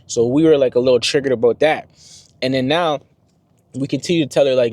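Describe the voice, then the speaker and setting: A man's voice: mid-range voice, a little fast, no room sound. A young man and first-time father telling a story to the camera in a casual, slangy vlog style. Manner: slangy, conversational, animated retelling.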